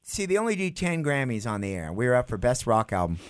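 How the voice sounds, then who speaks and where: Animated middle-aged male storyteller. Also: mid-range voice, quick pace, dry recording. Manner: animated, acts out quotes with laughs. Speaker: musician guest. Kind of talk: casual interview storytelling.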